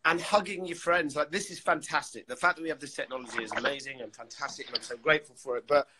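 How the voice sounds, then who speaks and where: A man with a husky voice, chatting casually on a live stream, rambling and joking and often breaking off mid-sentence. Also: a little high, fairly even intonation, fast talker, crowd noise, poor audio. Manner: rambling, self-interrupting and jokey. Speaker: actor and live stream co-host.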